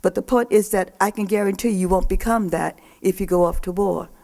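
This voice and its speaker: A woman's voice: medium pitch, fairly even intonation, brisk, gravelly, warm tone. An older woman, a poet and professor, gives a live talk to young people at a poetry festival. She speaks emphatically and repeats her key phrases for effect.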